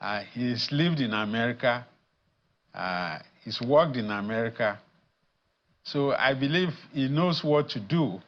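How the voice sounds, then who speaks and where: A man, a guest addressed as professor, speaking in a measured, deliberate way with frequent pauses and fillers in a studio news interview. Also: mid-range voice, lively intonation, highs cut off. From Nigeria.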